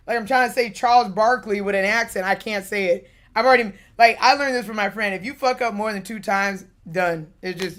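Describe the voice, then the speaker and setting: A woman streamer telling a story in a casual, laughing way, acting out quotes and tripping over her words. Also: medium pitch. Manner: laughing, animated retelling with acted-out quotes; trips over words and restarts.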